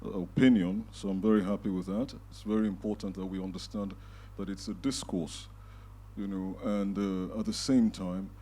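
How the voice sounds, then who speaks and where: A man giving measured closing remarks and thanks as host of a panel event, pausing often on fillers. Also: on the low side, mellow. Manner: measured, with frequent filler pauses. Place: event hall before a live audience.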